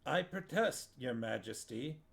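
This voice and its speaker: A man's voice: medium pitch, expressive, slow pace, creaky. A man reading aloud, voicing an indignant, blustering foreign envoy in a fantasy story with a raised, protesting delivery.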